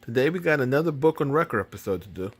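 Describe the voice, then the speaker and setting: Guy hosting, quick casual intro to a record story, mid pitch. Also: expressive, husky. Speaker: host.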